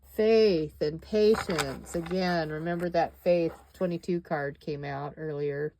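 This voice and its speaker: Slow, low-voiced woman reading tarot. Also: fairly even intonation, background noise. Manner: musing and dramatic, with exclamations and sighs. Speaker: tarot reader.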